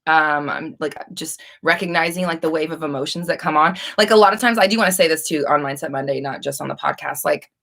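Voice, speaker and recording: A woman's voice: sits low, fast, few pauses, fairly bright tone. A young woman hosting a live Q&A stream, rambling and casual with frequent restarts and swearing. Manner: rambling, profane, chatty with restarts. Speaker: livestream host.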